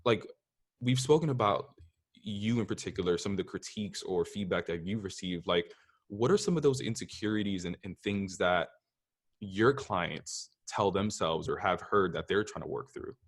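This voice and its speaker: Low-voiced halting male podcast host. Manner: halting, many fillers and restarts, uses "like" a lot. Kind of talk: casual interview talk.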